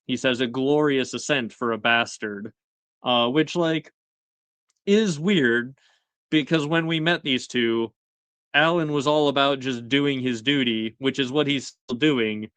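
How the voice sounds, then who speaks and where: Guy doing a chatty episode recap, smooth clear voice, dry close mic, lots of ums. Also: mid-range voice, fairly bright tone, no echo. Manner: chatty, many fillers, paraphrases scenes with quick quoted lines. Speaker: show host.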